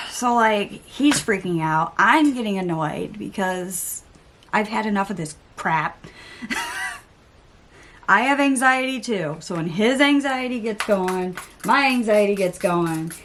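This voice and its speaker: A woman's voice: medium pitch, lively intonation, slow pace, fairly bright tone, a little hiss or hum. A young adult woman vlogger telling a story in casual chitchat while getting ready, with exasperated asides and mild swearing. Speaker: beauty vlogger.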